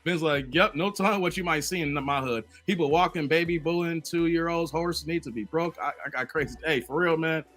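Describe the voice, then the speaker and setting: A man's voice: on the high side, brisk, few pauses, fairly bright tone. A man hosting a casual live stream, joking around, laughing often and reading viewer comments aloud. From Chicago.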